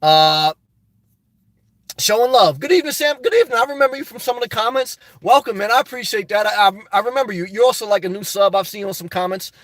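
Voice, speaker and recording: A man's voice: high voice, lively intonation, fast talker, fairly bright tone, dry recording. A man hosting a casual livestream, reading viewer comments aloud and riffing on them in a chatty way. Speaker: YouTube channel host reading live chat.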